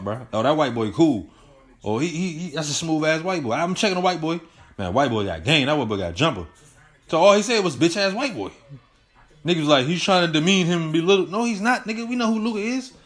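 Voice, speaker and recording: A man's voice: mid-range voice, a bit bright. A young man hosting his own show, giving a heated, profane, rambling rant full of slang. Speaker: host. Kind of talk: casual solo commentary.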